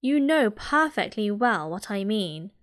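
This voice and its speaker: A woman with a British accent voicing a cold, menacing male teacher in a soft whispered role-play, slow and icy. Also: high voice, big pitch swings, full character voice. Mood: icy, threatening. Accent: British English.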